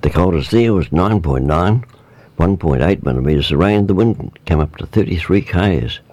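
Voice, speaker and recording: A man with a New Zealand accent reading the local weather report on radio, relaxed and informal, with fillers. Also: low-pitched, normal speed.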